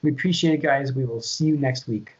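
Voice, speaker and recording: A man's voice: mid-range voice, fast, breathy edge. A man hosting a casual gaming podcast, easygoing and rambling as he searches for his next point. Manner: easygoing, loses his train of thought. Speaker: podcast host. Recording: dull lo-fi podcast audio.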